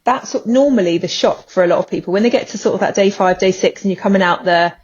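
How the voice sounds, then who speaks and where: Woman cohost, breathy husky voice, kinda muffled dull sound, easy explaining tone. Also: mid-range voice, fast, a little mellow. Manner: agreeable and explanatory, backing up her co-host. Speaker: podcast co-host. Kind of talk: casual chat.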